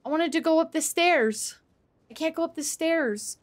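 High-voiced excitable woman streamer. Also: moderate pace. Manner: excitable, swears, laughs, talks to chat. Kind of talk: live gameplay commentary.

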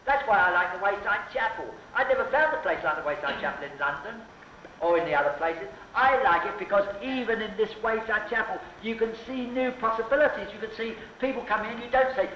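A man's voice: high-pitched, animated, brisk, pushed and bright, slight background noise. A man orating on a soapbox to an outdoor crowd, provocative and hectoring, trading jabs with hecklers. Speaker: soapbox orator. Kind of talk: open-air street oratory to a crowd. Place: outdoor speakers' corner before a crowd. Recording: dull echoey 1970s documentary sound.

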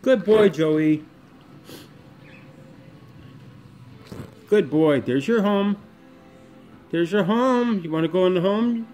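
A man calls sweetly to his pet parakeet in high, sing-song baby talk. His already fairly high voice climbs even higher as he coaxes the bird. Faint music plays softly underneath. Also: unhurried.

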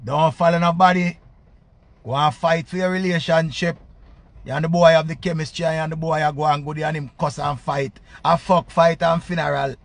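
A man with a Jamaican accent in a loud, profane, repetitive rant giving relationship advice. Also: on the high side, steady tone, fairly quick, vocal fry, no room sound. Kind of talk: ranting monologue.

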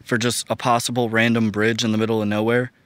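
A man's voice: fairly low pitch, fast. Jumpy man ghost-hunting outdoors. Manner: excitable, jumpy, swears often. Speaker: paranormal investigator, vlog host. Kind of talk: on-the-spot ghost-hunting vlog. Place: outdoors at a bridge in rural woodland. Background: music under the voice.

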